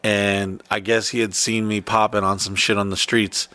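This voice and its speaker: A man telling stories in casual chat, rambling and profane with quick bursts. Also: on the low side, little pitch movement, pushed and bright, dry recording.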